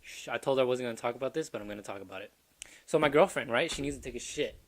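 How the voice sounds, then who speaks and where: A man's voice: medium pitch, very fast. A man hosting a casual podcast, spinning a crude anecdote with plenty of rambling detours. He laughs at his own jokes as he goes, loose and unpolished. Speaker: podcast co-host. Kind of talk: casual comedic storytelling.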